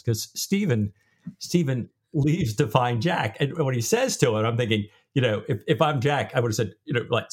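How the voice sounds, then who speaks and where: A man's voice: medium pitch, normal speed, a little mellow, breathy edge. A man co-hosting a podcast, animatedly and self-deprecatingly discussing a novel. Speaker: podcast co-host. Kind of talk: casual book discussion.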